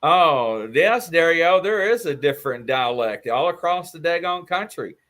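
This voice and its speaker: A man with a New York accent chats casually on a livestream. His voice swings up and down a lot as he tells his stories, and it sits a little high for a man. He acts out the other people in his anecdotes. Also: measured pace. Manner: animated storytelling, mimics voices in quotes. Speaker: livestream co-host. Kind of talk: casual chat.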